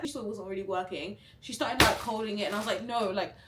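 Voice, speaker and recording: A woman's voice: medium pitch, steady tone, quick pace, heavy background noise. Young female vlogger, chatty storyteller who acts out quotes, recorded a bit far from the mic in a roomy space with faint ambience. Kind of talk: storytime vlog.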